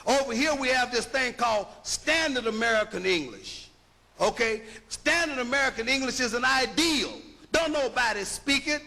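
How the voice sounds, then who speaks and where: A man's voice: very high voice, lively intonation, moderate pace, creaky, sharp tone. A man giving an emphatic, rhetorical lecture, punching his points and checking that listeners follow. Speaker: linguistics lecturer. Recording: long hall reverb.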